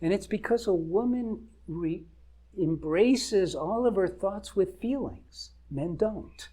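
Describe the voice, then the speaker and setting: Marriage coach, older male, unhurried delivery, emphatic advice to camera. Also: sits high, lively intonation, warm tone. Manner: earnest, emphatic lists.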